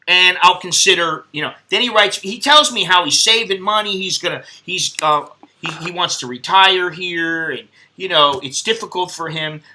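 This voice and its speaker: A man's voice: fairly high pitch, pushed and bright. A man hosting a live stream, rambling bluntly and swearing at viewers in casual chat. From United States.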